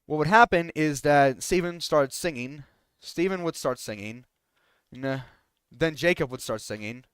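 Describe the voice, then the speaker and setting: A man's voice: a little high, normal speed, fairly bright tone, clean tone, no room sound, clean studio sound. A young man streamer telling a rambling story with many restarts and fillers, sometimes indignant, in casual talk while gaming.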